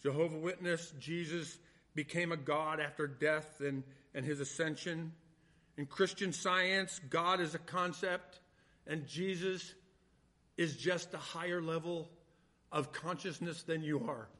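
A man preaching a sermon, reading scripture slowly and swinging between loud, stressed points and quiet asides. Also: a little high, steady tone. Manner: reads scripture slowly and deliberately. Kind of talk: sermon, Bible teaching.

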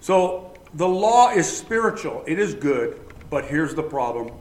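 A man preaching a sermon as pastor, emphatic, swinging between loud lines and hushed ones. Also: on the high side, sing-song, measured pace. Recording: echoey room with faint ambience.

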